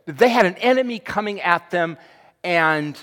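A male pastor preaching a sermon with passion, swinging between loud cries and hushed, quiet passages. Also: high voice, animated, normal speed. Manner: impassioned, swings from shouting to hushed. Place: church sanctuary. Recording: long hall reverb.

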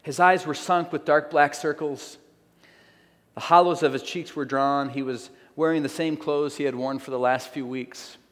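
A man's voice: fairly high pitch, fairly even intonation. Man preaching in a reverberant hall. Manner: earnest, slow, emphatic storytelling. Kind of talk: sermon, reading a story aloud.

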